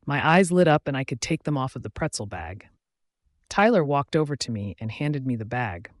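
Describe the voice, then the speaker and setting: A man narrating a fantasy romance audiobook in the first person, in an even storytelling delivery. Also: medium pitch, brisk, no echo, clean studio sound.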